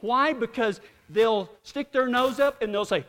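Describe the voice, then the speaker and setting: A man's voice: very high voice, unhurried, a bit bright, long reverb tail. A man preaching a sermon, animatedly acting out both sides of an argument as he tells the story.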